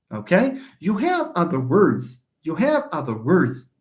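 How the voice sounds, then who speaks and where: Moroccan male English teacher, animated up-and-down delivery, patient and repetitive. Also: on the high side, unhurried, few pauses. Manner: switches between English and Darija, repeats key points; animated, calls on students by name. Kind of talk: online classroom lesson.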